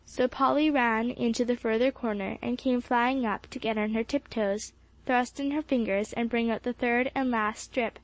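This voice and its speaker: A woman narrating a children's story in a steady audiobook reading. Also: fairly high pitch, moderate pace, no echo. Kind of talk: scripted narration.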